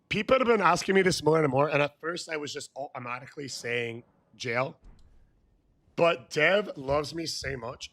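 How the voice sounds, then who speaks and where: A man chatting on a live game stream, loud and hyped, often yelling catchphrases. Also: a little high. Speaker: gaming streamer. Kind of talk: live gameplay stream chat.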